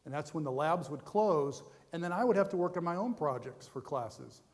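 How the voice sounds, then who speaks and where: Speaking expressively at a moderate pace in a slightly high voice, this American man gives students his personal testimony as a guest speaker. His tone is conversational and self-deprecating, and the large chapel hall adds long reverb.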